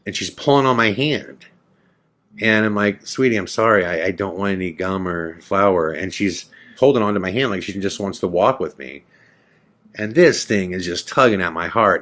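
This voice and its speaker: A man with a deep, low voice telling a personal story on a podcast in loose, casual talk. He acts out what he said back then and swears now and then. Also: fairly quick. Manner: animated storyteller, acts out his own past lines, swears casually.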